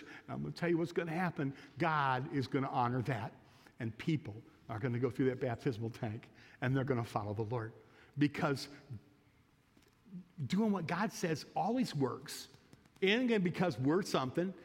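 A pastor preaching a sermon in a folksy storytelling way, growing emphatic as he exhorts the congregation. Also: on the high side. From United States. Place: church sanctuary. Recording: long church reverb.

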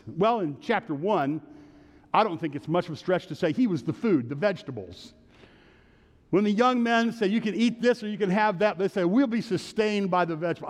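A male pastor preaching a sermon, animated, calling out to the congregation and urging it to answer back. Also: on the high side, in a large hall.

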